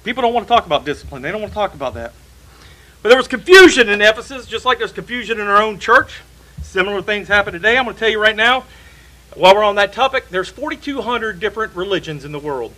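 A man's voice: high-pitched, expressive, fast, sharp tone, poor audio. A man preaching a sermon in a church, emphatic and repeating key phrases for stress.

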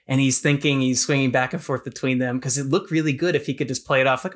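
A man's voice: medium pitch, fast, hardly any pauses. A man co-hosting a podcast, casually discussing a novel and acting out the characters' thoughts as he retells the plot. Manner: animated retelling, acts out characters' lines. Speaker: podcast co-host.

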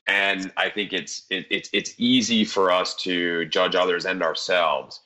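A man's voice: deep voice, fairly even intonation, a little slow, pushed and bright. A man from central New Jersey, a guest on a talk show, telling a personal story in an earnest, reflective way and chuckling now and then. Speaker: podcast guest.

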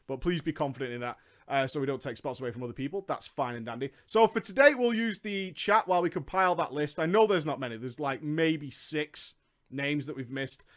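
A young man talking casually on a live stream, excitable and swearing freely, ranting in bursts. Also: on the high side, fairly quick.

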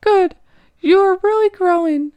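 A woman voicing a cheerful, mysterious female guide who speaks in short, breezy lines and offers little help but steady encouragement. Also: extremely high pitch, unhurried, voice pushed up. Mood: encouraging.

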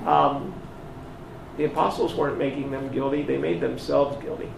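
A man preaching a sermon, retelling a scripture story slowly and emphatically, acting out the exchanges between its characters. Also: mid-range voice, steady tone, creaky, far from the mic, background noise. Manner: slow, emphatic storytelling with voiced dialogue. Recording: echoey room picked up from afar.

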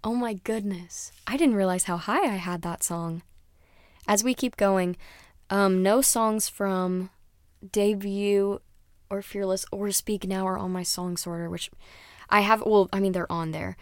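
A woman's voice: mid-range voice, fairly even intonation, measured pace, dry recording, studio quality. A young woman chatting casually as a music reviewer, rambling and dropping into whispered asides. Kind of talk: casual chat.

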